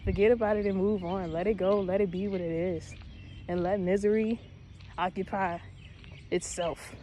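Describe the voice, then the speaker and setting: A woman's voice: mid-range voice, steady tone, normal speed, mellow, a little hiss or hum. A woman giving a casual spiritual pep talk to her viewers, earnest and affirming, mixing slang and swearing into her encouragement. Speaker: spiritual vlogger.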